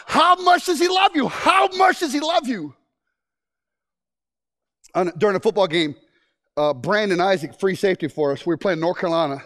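A man preaching a sermon, telling stories in an animated way with frequent restarts. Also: high voice.

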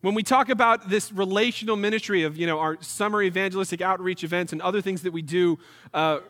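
A man's voice: high voice, fast, long reverb tail. A young man from New York giving a missionary presentation to a church group, telling stories with jokes and acted-out asides. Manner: animated, jokey storytelling with acted-out asides. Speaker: missionary speaker.

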